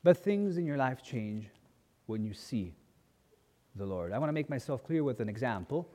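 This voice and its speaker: Animated male preacher in a reverberant hall. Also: medium pitch, normal speed. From grew up as a missionary kid in a mission. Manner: animated storyteller, acting out voices in quotes. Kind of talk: sermon with personal storytelling.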